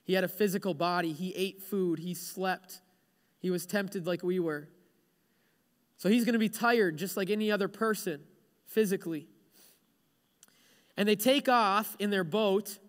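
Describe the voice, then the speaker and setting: A man's voice: high voice, fairly bright tone, long reverb tail. A male pastor preaching a sermon, retelling stories with humorous, self-deprecating asides.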